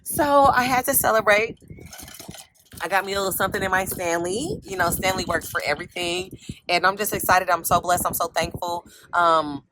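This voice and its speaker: A woman vlogging in an excited, gushing, emotional way, close to tears, with a casual y'all. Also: fairly low pitch, brisk. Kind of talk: excited casual vlog chat. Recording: loud background noise.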